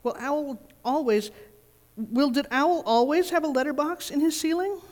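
A woman's voice: high-pitched, moderate pace, darkish tone, voice pushed up, close to an everyday voice. A woman voicing a small, timid young male piglet who stammers nervously in a storybook reading. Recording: reverberant church hall.

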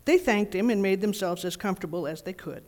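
A woman leading a children's message in church, reading a storybook aloud in a gentle, expressive way. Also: medium pitch, fast. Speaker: pastor giving a children's message. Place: church sanctuary. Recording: reverberant church hall.

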